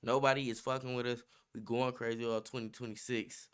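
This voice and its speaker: A man's voice: mid-range voice, level tone, fairly quick, clear, resonant tone. A young man hosting a livestream in casual, slangy, profane chat, hyped up and laughing often. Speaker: livestream host.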